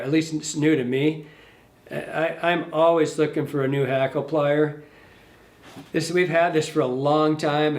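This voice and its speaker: A man's voice: fairly high pitch, darkish tone, reverberant. A man giving a casual hands-on fly tying tutorial, rambling and correcting himself, and talking to the fly as he works. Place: fly shop tying bench.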